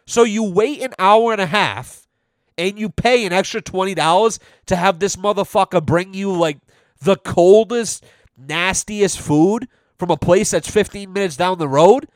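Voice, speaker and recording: A young man rants on his podcast with a slightly high voice, swearing freely and acting out the people in his stories. The sound is dry and close, with no room around it. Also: a little slow, no room sound. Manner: profane, animated storytelling with quoted voices. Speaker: podcast host. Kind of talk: casual ranting monologue.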